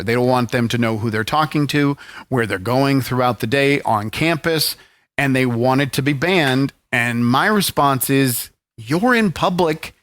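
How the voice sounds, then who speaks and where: A man's voice: mid-range voice, a bit bright. A man co-hosting a tech talk show, laying out news in a matter-of-fact, opinionated way. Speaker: co-host. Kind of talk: news commentary in casual chat.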